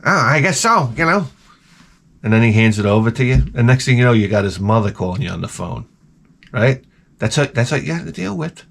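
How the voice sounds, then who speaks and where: A middle-aged vlogger with a fairly low, creaky voice talks fast as he rants from home, swearing heavily and sarcastically through animated stories told to the camera.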